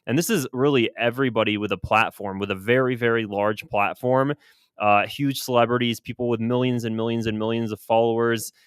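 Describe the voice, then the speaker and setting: A man's voice: mid-range voice, steady tone, a little fast, clear, resonant tone, no room sound, studio quality. A man giving casual, rambling commentary on news clips, hesitant and full of restarts. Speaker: political commentator.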